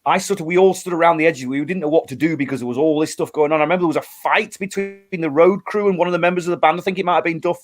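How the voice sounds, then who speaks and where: Middle-aged male musician guest, slightly high-pitched, animated storyteller with restarts. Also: racing, hardly any pauses, faint music behind. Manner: animated storyteller, acts out quotes, many restarts. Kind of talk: storytelling in a casual interview.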